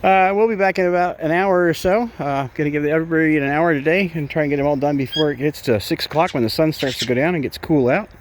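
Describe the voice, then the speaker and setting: A man's voice: quick pace, hardly any pauses, a little hiss or hum. A man who keeps birds, chatting casually on a vlog as he walks by an outdoor aviary. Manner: chatty, baby-talks to birds in a high voice. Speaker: bird sanctuary keeper.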